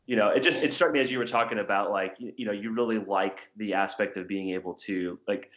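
A man's voice: lowish voice, fast, fairly bright tone. A man in his thirties from Southern Indiana, chatting casually and rambling with plenty of filler words. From Southern Indiana, USA. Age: 30s. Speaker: guest, former English teacher. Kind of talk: casual conversation. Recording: roomy, slightly dull sound.

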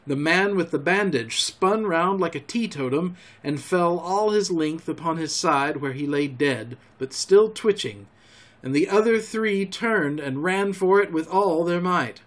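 A man hosting a storytelling show, reading a classic novel aloud in a calm, homely way. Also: on the high side, unhurried. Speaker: storyteller host.

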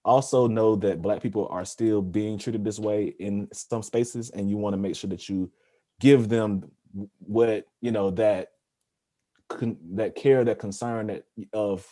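A man with a lowish voice and a warm, mellow tone, talking in a podcast conversation. He speaks earnestly, hammering a point through repetition, then drops into quieter asides. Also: steady tone, measured pace, no echo, studio quality. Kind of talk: casual discussion.

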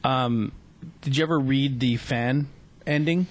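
A man's voice: mid-range voice, unhurried, slight background noise. A young adult man, a podcast host, casually reading a fan story aloud on his show, stumbling often and restarting lines. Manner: stumbling read-aloud with frequent restarts and fillers.

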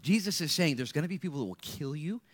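A man preaching a sermon as a pastor to students, acting out quotes and swinging between loud bursts and quiet intensity. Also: quick pace. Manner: animated, acts out quotes with big pitch jumps, drops to quiet intensity.

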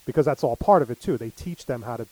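A man's voice: medium pitch, lively intonation, quick pace, dark tone, no echo, low-quality recording. A middle-aged man telling stories in casual chat, full of fillers. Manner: rambling storyteller, many fillers.

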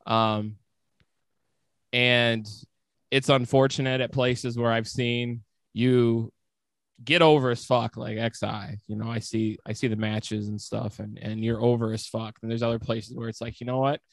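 A man's voice: mid-range voice, level tone, a little slow, no echo. A man hosting a casual interview, speaking in a supportive, hesitant way that often trails off.

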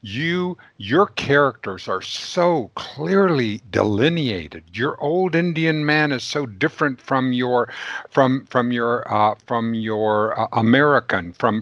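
Host: man, mid-pitched, effusive and wordy, dry and slightly muffled. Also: a bit bright, no echo. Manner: effusive, wordy questions with restarts. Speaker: interviewer, host. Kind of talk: casual interview.

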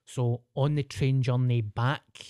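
A man's voice: mid-range voice, fairly even intonation, takes it slowly, mellow, no room sound, clean studio sound. A man with a Glaswegian accent, a stand-up comedian telling a story in casual podcast chat, rambling, slangy and sweary. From Glasgow, Scotland.

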